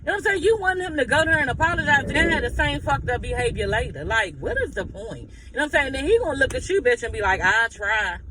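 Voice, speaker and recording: A man with a strikingly high voice dishes on reality TV drama, sassy and blunt, peppered with profanity and dramatic asides. The recording is noisy, with outdoor city sounds and vehicles clearly audible behind him. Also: sing-song, fast talker, hardly any pauses, sharp tone. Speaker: reality TV recap commentator. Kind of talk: casual gossip recap commentary.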